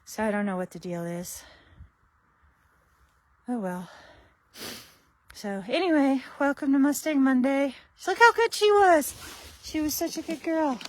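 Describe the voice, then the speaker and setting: A woman's voice: high voice, expressive, measured pace, pauses often, rough recording. A woman horse trainer chatting casually on a livestream while working outdoors at a barn, easygoing and coaxing.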